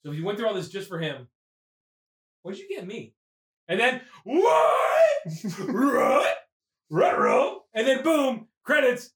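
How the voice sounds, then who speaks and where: High-voiced animated man, echoey room. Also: normal speed, long pauses. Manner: animated, acts out characters in loud bursts. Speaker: podcast host. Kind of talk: casual comedic movie recap.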